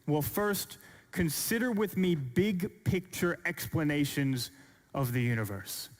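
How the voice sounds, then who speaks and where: A man giving an earnest, measured apologetics talk to an audience, asking rhetorical questions, recorded in a large church hall. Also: a little high, lively intonation. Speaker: speaker. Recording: long hall reverb.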